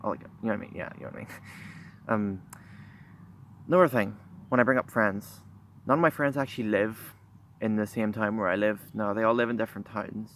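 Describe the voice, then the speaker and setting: A teenage boy talking candidly to his phone camera outside, shy and halting, full of pauses and restarts. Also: lowish voice, steady tone. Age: teens. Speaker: vlogger. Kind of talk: candid confessional vlog. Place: outdoors by a busy road. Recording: phone recording with loud traffic noise. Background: passing cars.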